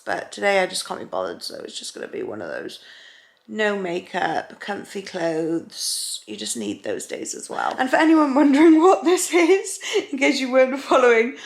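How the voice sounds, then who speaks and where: A woman's voice: mid-range voice, big pitch swings, normal speed, vocal fry, roomy sound. A young woman, heavily pregnant, chatting casually to camera at home and sounding a little out of breath. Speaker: vlogger. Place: living room at home.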